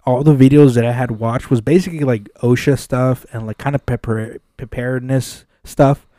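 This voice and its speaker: A man with a mellow, warm voice tells a long story in a relaxed podcast chat. He swears freely and acts out what other people said. The sound is dry and close. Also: mid-range voice, normal speed, no room sound. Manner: animated, swears often, acts out quoted dialogue. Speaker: podcast co-host. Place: podcast studio.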